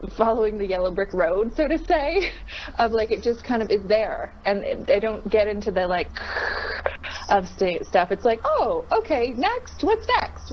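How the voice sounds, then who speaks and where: A woman guesting on a casual podcast chat, reflective and rambling as she thinks aloud. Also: mid-range voice. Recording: dull lo-fi sound with faint noise.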